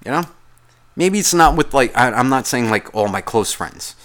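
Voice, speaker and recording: A man's voice: medium pitch, expressive, moderate pace, fairly bright tone. Profane rambling man ranting on a podcast. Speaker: podcast host. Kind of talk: casual ranting monologue.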